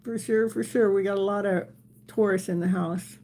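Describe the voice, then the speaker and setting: A chatty woman in her sixties hosts a live tarot stream, reading viewer comments, laughing often, and talking playful baby talk to her dog. Her mid-range voice is mellow with fairly even intonation and normal speed, over slight background noise.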